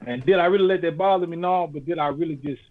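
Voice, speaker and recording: A man's voice: a little high, fast talker. A man co-hosting a podcast, giving casual motivational talk in loose slang and saying "man" often. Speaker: podcast co-host. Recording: tinny phone-like sound.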